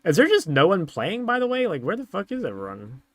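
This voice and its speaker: A young man streaming and talking loosely with his chat, laid-back and unscripted. His voice sits a bit high for a man and swings widely up and down. The sound is close and completely dry. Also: huge pitch swings, a little fast, no room sound. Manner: laid-back, chatty, reads and answers chat. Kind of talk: casual live-stream chat.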